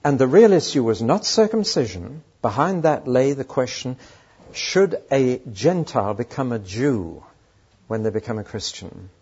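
Older preacher, lively pitch, emphatic rhetorical questions, muffled old tape. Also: male voice, measured pace, husky. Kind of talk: sermon. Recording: dull lo-fi sermon recording.

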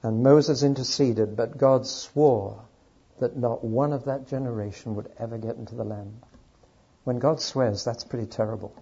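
A man with a very husky, mellow voice teaches from the Bible to a gathered audience. He tells the story earnestly and often drops to quiet asides. The recording sounds dull and lo-fi. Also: mid-range voice, steady tone, normal speed.

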